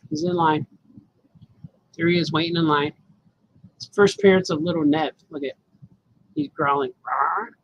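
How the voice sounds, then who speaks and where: A man's voice: fairly high pitch, creaky, a bit bright, slight background noise, rough recording. A man cartoonist chatting casually to viewers as he colors his comic pages, rambling as he works. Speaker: cartoonist livestreaming his drawing. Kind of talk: casual live commentary while drawing.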